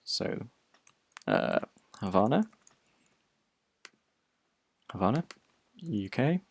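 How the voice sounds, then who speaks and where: A man's voice: on the low side, huge pitch swings, extremely slow, gravelly. A man teaching programming in a recorded lecture, explaining step by step in a chatty way with many fillers and restarts.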